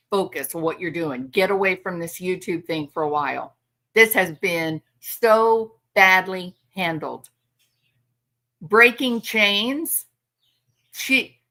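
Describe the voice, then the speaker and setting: The host of a commentary channel, a woman with a lowish, pushed and bright voice, gives an indignant monologue. She's outraged and sarcastic, talking directly to the person she's calling out.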